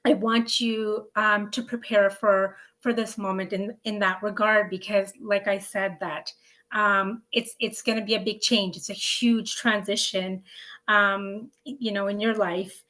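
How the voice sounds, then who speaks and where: A woman's voice: medium pitch, flat delivery, a little slow, pushed and bright. Earnest woman doula, frequent ums. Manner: earnest, filler-heavy, many ums and restarts. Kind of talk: educational talk to camera.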